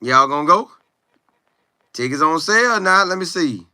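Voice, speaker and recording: Lively, bright-voiced man chatting with viewers. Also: a little high, moderate pace, no room sound, clean studio sound. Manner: animated, chatty, sings and riffs, reads viewer comments aloud. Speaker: sports commentary streamer. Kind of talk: casual live-stream chat.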